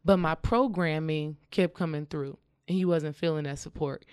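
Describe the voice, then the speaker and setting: A woman's voice: low-pitched, moderate pace, clean tone, dry recording, clean studio sound. A woman in casual conversation, earnestly sharing her own experience and coaching the listener, often checking in with "okay?". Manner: acts out quoted dialogue in lively voices.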